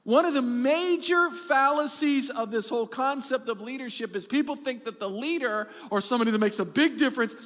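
A middle-aged man preaching a sermon as pastor, animated and repetitive for emphasis, joking with his congregation. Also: very high-pitched, long reverb tail.

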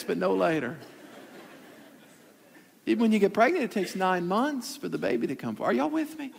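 A man preaching a sermon with emphasis, often repeating phrases. His voice is high and gravelly. It carries through a large hall with a long echo. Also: fairly bright tone. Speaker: pastor.

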